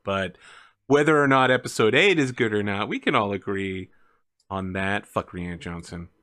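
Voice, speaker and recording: A man's voice: lowish voice, moderate pace, a bit bright. A man chatting casually with friends before a tabletop game, emphatic and swearing freely. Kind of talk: casual chat among players.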